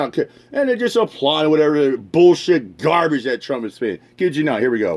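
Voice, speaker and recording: Rambling, swearing man with a lively voice. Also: on the high side, a little fast, few pauses. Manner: swears constantly, rambling, laughs a lot. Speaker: podcast host. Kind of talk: casual profane rant.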